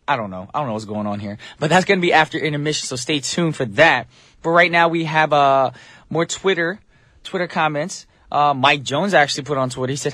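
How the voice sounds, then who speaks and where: A man's voice: medium pitch, fairly bright tone, no echo, clean studio sound. A man hosting a radio show in a casual, chatty way, joking and laughing at himself between songs. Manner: chatty, joking, self-deprecating asides. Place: radio studio. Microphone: studio microphone.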